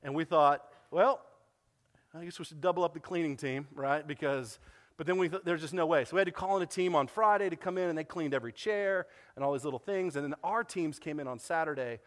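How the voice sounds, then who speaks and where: A man, a pastor telling a story to his church in a lively sermon, acting out what people said. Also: a little high, fast, long reverb tail. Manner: animated storytelling, acts out quoted dialogue. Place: church sanctuary.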